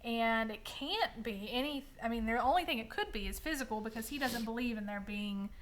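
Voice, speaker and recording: A woman's voice: on the high side, fairly quick, slight background noise. A woman co-hosting a casual podcast, explaining a TV episode's plot at length. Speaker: podcast co-host. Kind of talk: casual chat recapping a TV episode.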